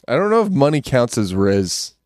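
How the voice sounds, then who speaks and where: A man's voice: medium pitch, big pitch swings, normal speed, a little mellow, no room sound. A man making dry, skeptical quips in a casual podcast chat. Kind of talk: casual banter.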